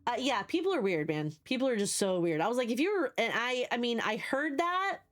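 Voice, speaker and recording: A woman's voice: fairly high pitch, very animated, a little fast. A woman in her forties from the United States, a livestreamer who chats casually with her viewers and rambles through stories while answering chat. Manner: chatty, rambling storyteller, greets and answers chat.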